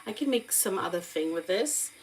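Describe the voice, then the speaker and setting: A woman's voice: mid-range voice, animated, normal speed, a little hiss or hum, rough recording. A woman with a Portuguese accent, chatting casually to viewers as she demonstrates a recipe in her kitchen. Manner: chatty, warm asides to viewers, frequent "okay?" check-ins. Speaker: cooking vlogger. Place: home kitchen.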